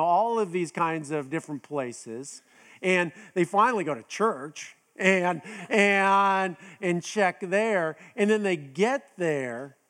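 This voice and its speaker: A middle-aged man gives a sermon at an unhurried, deliberate pace. His voice sits high for a man. He talks loosely and conversationally, restarts often, and acts out quoted lines. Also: a bit bright. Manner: conversational, with many restarts and "you know". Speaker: pastor.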